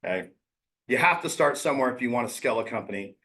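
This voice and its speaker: A man giving agents a loose, slangy coaching talk. His voice sits at an ordinary middle pitch. He speaks bluntly and drops in quick asides that mimic his clients. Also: animated, bright, forceful tone. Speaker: real estate coach.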